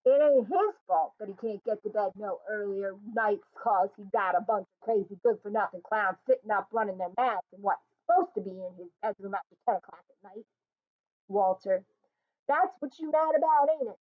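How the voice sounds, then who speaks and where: A woman reading as a sharp-tongued tired mother. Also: mid-range voice, moderate pace, lightly acted. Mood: bitter, scornful. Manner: scolding, blunt, impatient. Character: weary, sharp-tongued young mother and wife. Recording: tinny phone-like sound.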